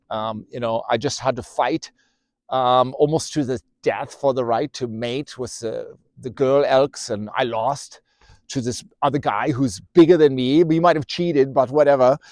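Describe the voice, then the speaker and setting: Man voicing a self-pitying bull elk, big and glum, rambling, halting, dry close sound, storybook. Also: mid-range voice, darkish tone, no echo, natural voice.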